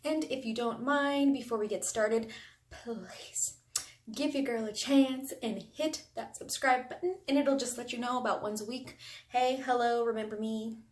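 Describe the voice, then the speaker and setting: A woman's voice: a little high, fairly even intonation, normal speed. A woman vlogger chatting casually and gushing over items in a haul video, recorded on a camera mic at home. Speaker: beauty vlogger. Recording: echoey room, faint noise.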